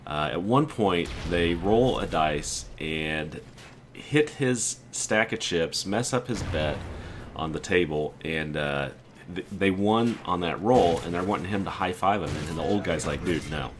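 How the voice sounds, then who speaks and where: Low-voiced man telling a story. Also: a little slow, a little hiss or hum. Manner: animated storyteller, quoting friends, exasperated asides. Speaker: gaming video creator. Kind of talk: casual storytelling.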